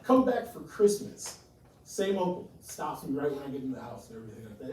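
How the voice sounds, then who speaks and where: A man's voice: fairly high pitch, very animated, brisk, warm tone, very echoey, far from the mic, low-quality recording. A man performing a stand-up set, telling self-mocking family stories. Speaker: stand-up comedian.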